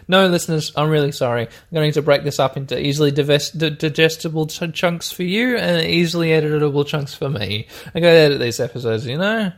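A man's voice: on the high side, fast, hardly any pauses. A man hosting a let's-play podcast, rambling and self-mocking as he plays a text adventure and talks to his listeners. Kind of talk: casual let's-play commentary.

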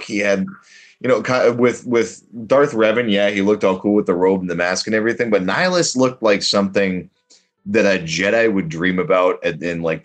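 Male podcast co-host, deep voice, knowledgeable, lively. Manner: knowledgeable, animated, detail-heavy. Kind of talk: casual chat.

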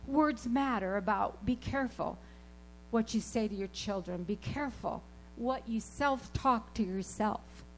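A woman preaching a sermon, telling personal stories in an animated, emphatic way and repeating her key phrases. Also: fairly high pitch, unhurried, slight background noise, rough recording.

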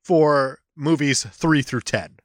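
A man co-hosting a podcast, chatting casually and making sarcastic jokes with quick asides. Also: a little high, no echo, clean studio sound. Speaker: podcast co-host. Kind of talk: casual comedy chat.

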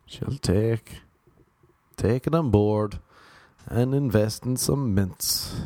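A man's voice: on the low side, extremely slow, dark tone, no echo. A man hosting a solo podcast, telling casual, rambling stories with wry, self-deprecating humour. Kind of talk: casual solo storytelling monologue.

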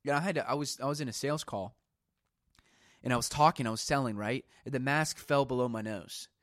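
A man's voice: medium pitch, fairly quick, a bit bright, no echo. Ranting solo podcast man, dry close mic. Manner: ranting, retells arguments with quoted back-and-forth. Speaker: podcast host. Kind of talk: solo venting podcast monologue.

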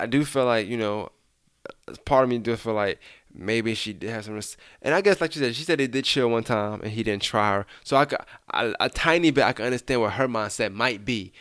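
Podcast co-host, man, relaxed banter, tight dry sound. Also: medium pitch, clean tone, no room sound. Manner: reads out texts, laughs often. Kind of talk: casual chat.

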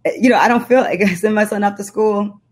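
A woman poet with a voice of middling pitch for a woman. She moves between slow, rhythmic spoken-word recital and low-key, reflective interview talk. Her conversational speech is full of gentle fillers. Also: husky. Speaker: poet and author.

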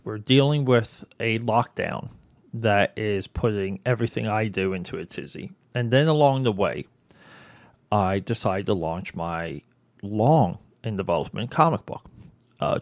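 A man's voice: lowish voice, no room sound. A young adult man hosting his own podcast, talking in a casual, rambling, hype-building monologue. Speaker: podcast host.

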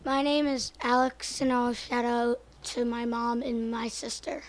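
A woman's voice: fairly high pitch, flat delivery, a little slow. A girl guest chiming in eagerly on a casual radio chat.

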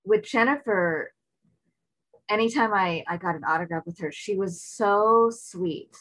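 A woman's voice: medium pitch, a little slow, fairly bright tone, rough recording. Rambling, eager woman telling a fan story. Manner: rambling, eager, many restarts. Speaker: fan recounting meeting an actor. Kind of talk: casual interview chat.

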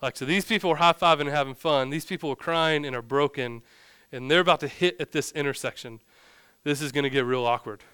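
A young man preaches a relaxed, humorous sermon, his voice smooth and resonant and a little high. The sound is dry and close, with no room echo around it. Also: a little fast. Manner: casual, joking preaching with vivid storytelling. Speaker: pastor.

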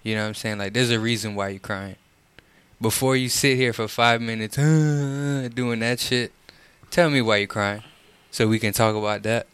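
A man's voice: on the low side, steady tone, moderate pace, fairly bright tone, clean tone. A man in a casual podcast chat, talking in a laid-back, reflective way. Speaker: podcast co-host.

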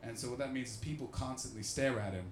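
A comedian telling jokey stories to a live audience and acting out the people in them. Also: male voice, medium pitch, fast talker, echoey room, faint music behind. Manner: animated, jokey, acts out the people in his stories. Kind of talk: live podcast storytelling with an audience.

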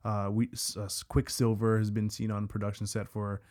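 A man's voice: lowish voice, completely flat delivery, a little fast, darkish tone. A man co-hosting a casual podcast, talking in rambling stretches with stammered restarts. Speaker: podcast co-host.

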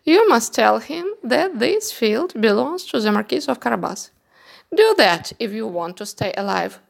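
Brief: a woman doing a crafty male cat, firm and commanding, slow storybook delivery, gravelly. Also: a little high, very animated, full character voice. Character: sly male cat servant, firm and scheming. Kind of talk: storybook reading.

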